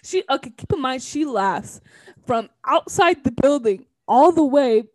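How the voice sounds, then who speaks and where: A woman's voice: sits high, animated, a little slow, slight background noise. A young woman in college telling an embarrassing story in casual chat, laughing often as she talks. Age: young adult. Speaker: podcast co-host.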